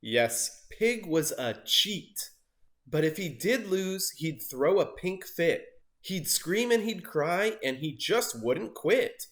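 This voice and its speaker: A man reads a rhyming children's book aloud in a high, unhurried voice. His pitch rises and falls widely, and he throws himself into loud character voices. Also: big pitch swings. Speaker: storybook reader. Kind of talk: animated picture-book read-aloud.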